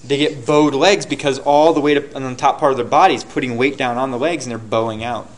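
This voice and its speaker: Man lecturing a class with quick questions. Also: medium pitch, steady tone. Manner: quizzing students with quick questions. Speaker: teacher.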